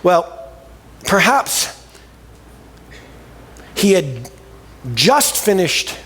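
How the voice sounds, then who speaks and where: A man preaching in a church sanctuary, his slightly high voice swinging widely up and down as he tells the story. His manner is casual and conversational, with colloquial asides, and a long reverb trails behind each phrase. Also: sing-song, very slow, fairly bright tone, slightly rough. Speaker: pastor. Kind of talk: sermon.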